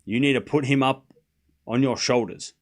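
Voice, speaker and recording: Aussie guy ranting at his chat on a tennis stream, teasing, mid pitch, all over the place. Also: moderate pace. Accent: Australian. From Australia. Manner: animated, mocking, talks straight to chat. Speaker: livestream tennis host. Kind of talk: casual ranting chat to viewers.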